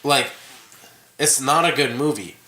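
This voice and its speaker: A man's voice: mid-range voice, unhurried, bright, forceful tone. A man co-hosting a podcast, chatting casually and joking with lots of filler words. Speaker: podcast co-host. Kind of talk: casual chat. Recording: echoey room.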